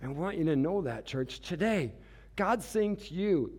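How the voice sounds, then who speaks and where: Man, pastor, storytelling sermon, chatty, self-mocking, a bit higher-pitched voice. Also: animated, moderate pace, darkish tone.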